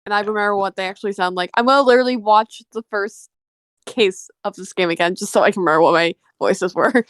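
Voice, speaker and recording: A woman's voice: mid-range voice, fast, fairly bright tone, no room sound. Laughing young woman streamer from Canada. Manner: laughing, self-deprecating, lots of "like". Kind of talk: casual game stream chat.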